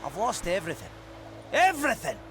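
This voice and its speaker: An actor playing a bitter, sarcastic old dwarf blacksmith in a game, with a Scottish accent and a swearing manner. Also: male voice, high voice, huge pitch swings, a little fast, background noise, exaggerated voice. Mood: sarcastic angry.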